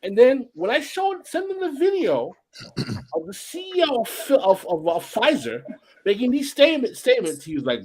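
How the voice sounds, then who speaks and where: A man's voice: very high-pitched, wildly swooping pitch, normal speed, darkish tone. A man co-hosting a casual podcast chat, talking animatedly with frequent restarts. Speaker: podcast co-host.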